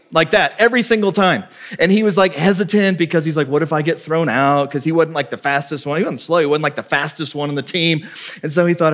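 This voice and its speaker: A male pastor preaching with a slightly higher-than-usual voice for a man. He tells his story with animation, acting out the voices of the people in it. His delivery swings between loud and hushed. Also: fast talker. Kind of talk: sermon with storytelling.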